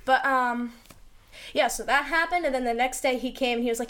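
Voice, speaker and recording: A woman's voice: high voice, a little fast, fairly bright tone. A young adult woman, a podcast guest, telling a story in casual chat and acting out quotes with bursts of laughter.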